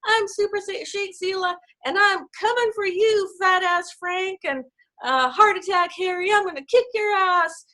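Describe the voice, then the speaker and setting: A woman's voice: very high-pitched, moderate pace, sharp tone, voice pushed up. A woman playing a brash female superhero who trash-talks in a wrestler-style monologue with a put-on Brooklyn accent. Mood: boastful. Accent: put-on Brooklyn New York.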